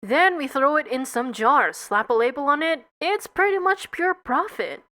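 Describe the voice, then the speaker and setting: A woman's voice: sits high, expressive, moderate pace, pushed and bright. A woman voicing smug male beekeepers who joke about the bees. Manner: smug, jokey.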